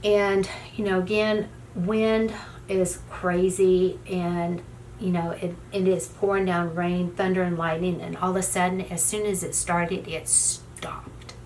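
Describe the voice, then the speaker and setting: A woman's voice: on the low side, slight background noise. A middle-aged woman tells a story in a casual, rambling way while doing her makeup, with many "you know" fillers. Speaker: beauty vlogger.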